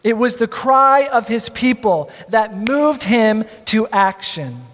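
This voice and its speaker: A man's voice: sits high, big pitch swings, takes it slowly, fairly bright tone. A man preaching a sermon, reading scripture aloud and calling on the congregation to repeat the words after him. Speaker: pastor. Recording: long hall reverb.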